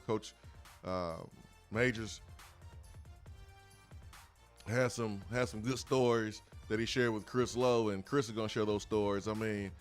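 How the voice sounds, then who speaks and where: A man, hosting a morning sports talk show in an earnest, moved way and repeating words. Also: on the low side. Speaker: sports radio host.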